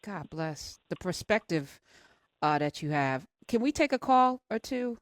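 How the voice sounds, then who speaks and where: A woman hosting a call-in talk show, animated and enthusiastic as she brings in callers. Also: on the low side, unhurried, dry recording, studio quality. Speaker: radio show host.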